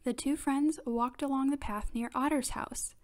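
A woman reading a children's picture book aloud with clear, expressive storytelling. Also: high voice, normal speed.

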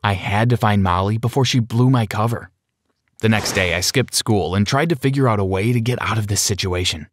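A man giving an expressive first-person narration of an animated story. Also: on the low side, fairly quick, a little hiss or hum.

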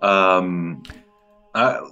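A man's voice: low-pitched, steady tone, extremely slow, pushed and bright, highs cut off, faint music behind. A man playing in a tabletop game over a call, chatting in a laid-back way with short replies. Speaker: player. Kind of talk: casual tabletop chat.

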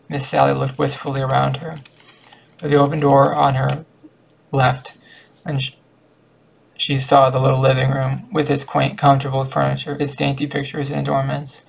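Creaky, husky man reading a story aloud. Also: medium pitch, completely flat delivery, rough recording. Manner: halting, with occasional slips and restarts. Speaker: audiobook reader. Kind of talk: amateur audiobook narration.

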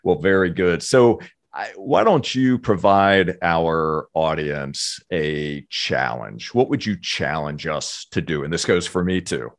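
Brief: male podcast host, very low voice, upbeat and encouraging with his guest. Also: expressive, slow. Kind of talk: interview questions.

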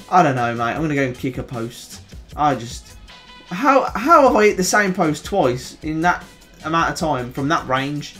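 A young man with a Birmingham accent giving excitable, chatty play-by-play commentary on a football video game, groaning and shouting at near misses. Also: on the high side, normal speed, soft background music. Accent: Birmingham English. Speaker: gaming YouTuber.

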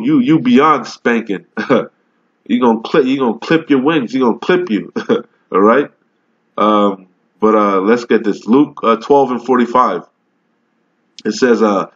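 A man preaching a scripture-reading sermon, scolding listeners with profanity and reading verses slowly and deliberately. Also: mid-range voice. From Caribbean islands. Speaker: street preacher. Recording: dull lo-fi recording.

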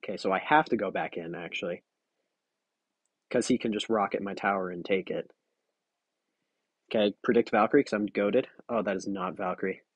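A man's voice: fairly low pitch, normal speed, long pauses, husky, no echo. A tired young man giving casual, giggly, self-mocking commentary while playing a mobile game. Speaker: gaming video creator.

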